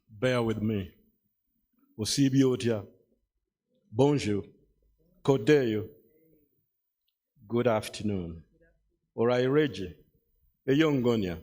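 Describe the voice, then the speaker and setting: An older man giving a measured, deliberate speech to an audience, posing rhetorical questions. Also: medium pitch, darkish tone. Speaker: festival speaker. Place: literary festival hall.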